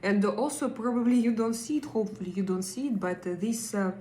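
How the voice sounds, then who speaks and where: A woman's voice: fairly high pitch, fairly quick, mellow, reverberant. A woman with a Russian accent, hosting a casual live stream, chatting with her viewers and reading their comments, with many fillers and hesitations. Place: home in Denmark.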